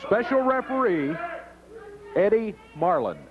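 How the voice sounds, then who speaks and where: A man hosting a wrestling TV show, calling the action and interviewing a wrestler in an excitable manner. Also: high voice, a little slow. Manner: excitable, reads stipulations aloud. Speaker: wrestling TV host and commentator. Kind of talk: play-by-play commentary and interview. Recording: lo-fi early-90s TV broadcast with crowd noise.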